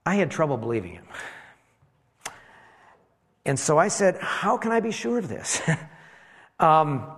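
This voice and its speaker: A preacher telling a dramatic first-person sermon as an elderly priest who talks with exclamations and wry asides about himself. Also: male voice, a little high, a little slow, pauses often, breathy edge, in a large hall, heavily acted. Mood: rueful. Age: older. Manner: animated, exclaiming, self-deprecating asides. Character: elderly male priest, amazed and rueful.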